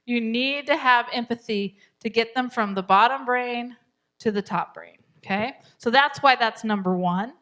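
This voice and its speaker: A middle-aged woman teaching a parenting class in a church, chatty and laughing, sometimes dropping to a soft whisper to show a calm tone. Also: a little high, moderate pace. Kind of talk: live class talk.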